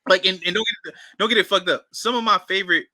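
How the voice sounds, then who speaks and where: Man, rambling casual co-host, very bright tense tone, slightly high. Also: fast talker, dry recording. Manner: rambling, lots of fillers, swears, amazed. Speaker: co-host reacting to a song. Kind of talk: casual reaction chat.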